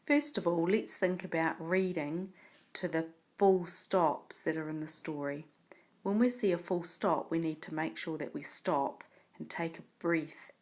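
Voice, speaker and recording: A woman teaching a reading lesson, speaking clearly and patiently as she models reading a story aloud. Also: low voice, steady tone, measured pace. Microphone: tablet microphone.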